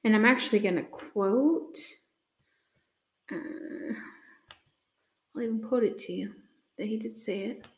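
A woman giving an unhurried, earnest devotional talk with many pauses and ums, reading scripture aloud. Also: medium pitch. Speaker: speaker sharing a faith reflection. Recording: echoey room.

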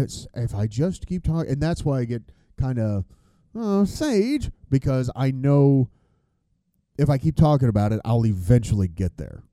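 Male host, dark voice, swings up and down a lot, swears, wanders off topic; dry close sound. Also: a little high, dry recording. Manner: rambling, profane, loses his train of thought. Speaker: podcast host. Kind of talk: casual chat.

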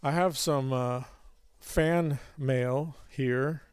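A man's voice: mid-range voice, very slow, clear, resonant tone, no echo, clean studio sound. A man hosting a podcast, talking casually with many fillers and a self-mocking humor, then leading a Bible study. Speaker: podcast host.

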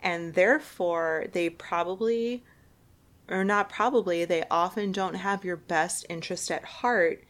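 A woman's voice: lowish voice, a little slow. A young woman co-hosting a podcast in casual chat, laughing often. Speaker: podcast co-host.

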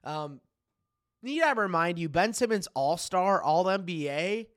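A man's voice: high-pitched, expressive, a little slow, a bit bright, no room sound, clean studio sound. A young man co-hosting a podcast, talking sports casually, laughing often and swearing freely. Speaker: podcast co-host.

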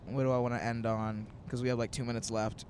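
A man's voice: mid-range voice, flat delivery, fast, a little mellow, a little hiss or hum. A man in his twenties, a comedian hosting a casual road-trip chat, telling rambling stories full of quoted asides. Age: 20s. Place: in a moving car.

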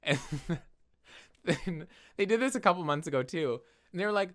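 A young man co-hosting a podcast in casual chat, expressive, often jumping into high playful voices when quoting people. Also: normal speed. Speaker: podcast co-host.

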